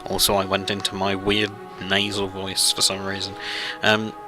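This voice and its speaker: A man's voice: low-pitched, monotone, normal speed, over music, low-quality recording. A man hosting a let's play, rambling through casual gameplay commentary with lots of fillers and self-deprecating asides.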